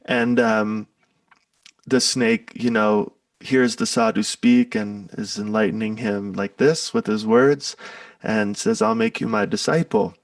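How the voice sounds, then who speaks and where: A man, a musician, talking in a relaxed, rambling way, reflecting and telling a parable. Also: fairly low pitch, slow pace, creaky, no echo, recorded from a distance. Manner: relaxed, rambling, laughs often. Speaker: musician guest. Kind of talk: casual spoken reflection and storytelling.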